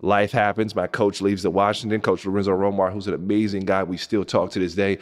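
A man in his thirties from Pasadena, hosting a podcast and telling a story animatedly, swinging between hushed asides and excited outbursts. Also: sits low, brisk. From Pasadena, California. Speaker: podcast host.

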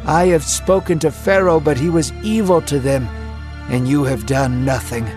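A man's voice: on the high side, steady tone, normal speed, darkish tone, soft background music, natural voice. A man voicing an anguished male prophet who pleads.

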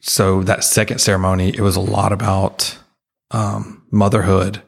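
Gravelly, husky man telling a story. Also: sits low, flat delivery. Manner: halting, full of restarts and fillers; earnest, emotional retelling. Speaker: guest. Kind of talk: personal storytelling in an interview.

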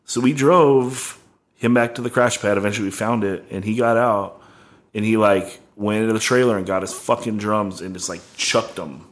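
A man's voice: on the low side, moderate pace. A young man casually telling a rambling, profane tour story, full of "like" and laughs. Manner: rambling, heavy on "like", swearing, laughing.

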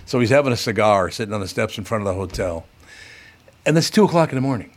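A man's voice: lowish voice, quick pace. A man hosting a radio show, telling stories in casual banter and swearing freely. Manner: animated storyteller, swears casually.

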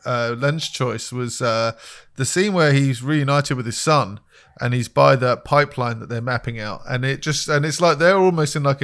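A man's voice: mid-range voice, a bit bright. Man musing on film craft. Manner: thoughtful, hedging film analysis. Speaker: podcast co-host. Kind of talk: casual interview chat.

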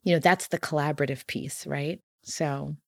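A woman's voice: sits low, steady tone, normal speed, vocal fry, dry recording, clean studio sound. A woman author talking animatedly in an interview, full of "you know" and "like", acting out quotes as she tells stories. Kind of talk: casual interview chat.

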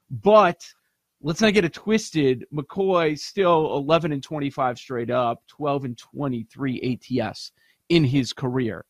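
A man hosting a sports betting podcast, moving briskly through games, odds and stats in casual talk. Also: a little high, no echo.

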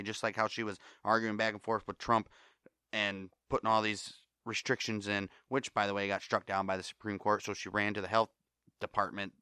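A man's voice: on the low side, sharp tone, smooth, dry recording, studio quality. A man with an American accent hosting a solo podcast, ranting angrily and swearing often. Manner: angry, profane ranting. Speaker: podcast host.

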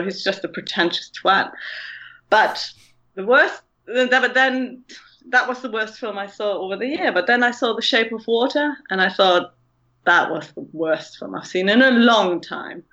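A woman's voice: medium pitch, sharp tone, dull audio. A woman from Germany with a German accent, giving blunt, opinionated views as a guest on a chatty podcast. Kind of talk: casual panel chat.

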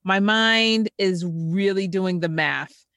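A woman co-hosting a casual chat, chatty and animated, her voice jumping up when she stresses a point. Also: slow, no echo, clean studio sound. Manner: animated, chatty, jumps in pitch when emphatic.

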